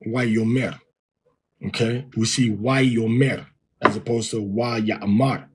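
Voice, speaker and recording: Husky guy teaching hebrew sounds, says each word over and over, patient. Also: medium pitch, darkish tone. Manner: explanatory, repeats words slowly to demonstrate sounds. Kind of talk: Bible Hebrew pronunciation lesson.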